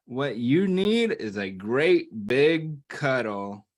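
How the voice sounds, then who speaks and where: A man voicing a great big, gentle bear in a children's picture book read-aloud, kind and comforting. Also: mid-range voice, big pitch swings, takes it slowly. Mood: soothing.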